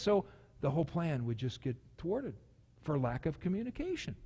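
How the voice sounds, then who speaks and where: A middle-aged man preaching a sermon as pastor, lively and acting out quotes with sudden jumps in pitch. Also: moderate pace, husky. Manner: animated, acts out quotes with big pitch jumps. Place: church sanctuary. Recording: long church hall reverb.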